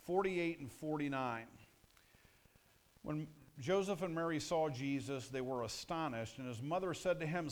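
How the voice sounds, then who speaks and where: A man's voice: a little high, normal speed. A male pastor preaching a sermon in a conversational, punchy way, often asking the audience questions.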